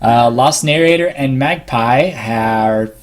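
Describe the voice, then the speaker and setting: A man's voice: mid-range voice, slow pace. A man hosting a podcast in casual group chat, rambling with fillers as he reads out news items. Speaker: podcast host.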